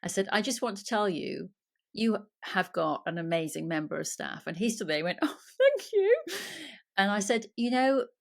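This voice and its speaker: A middle-aged woman hosting a casual interview, chatty and lively, acting out dialogue as she tells stories. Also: medium pitch, fairly quick, creaky. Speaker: podcast host.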